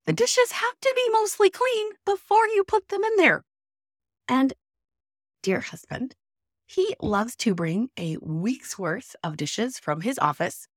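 A woman's voice: mid-range voice, no echo, clean studio sound. A middle-aged woman hosting a personal podcast, telling her story in an emphatic, exasperated way. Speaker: podcast host.

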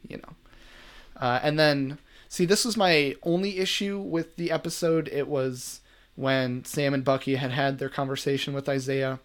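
A man's voice: medium pitch, moderate pace. Casual man chatting about an episode. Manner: relaxed, conversational, many fillers. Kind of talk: casual chat reviewing a TV episode.

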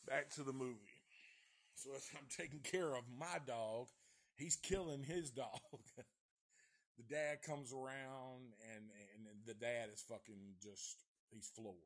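A man with a mid-range voice reviews a horror movie on a live stream, retelling the plot at an unhurried pace. His storytelling is rambling, laid-back, and casually profane.

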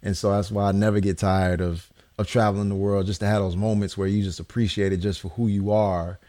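A man from the United States hosting a casual chat about travel, relaxed and reflective. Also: fairly low pitch, brisk, no echo.

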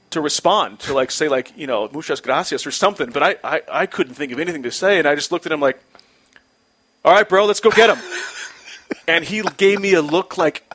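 A man in his forties, a former pitcher, telling a story in a casual, animated way with many restarts.

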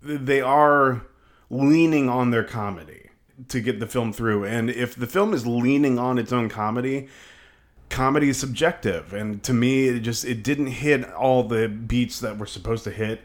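A man's voice: mid-range voice, moderate pace. A man in casual conversation reviewing a film, talking in a hedging way with many fillers and restarts. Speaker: film podcast co-host.

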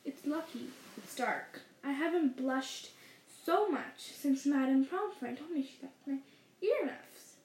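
A woman's voice: high-pitched, lively intonation, measured pace, darkish tone. Dumbledore, as a woman reads him, wise old wizard in a roomy room. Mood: genial. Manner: mild, genial, lightly playful. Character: wise, gently teasing old male wizard headmaster. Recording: roomy echo.

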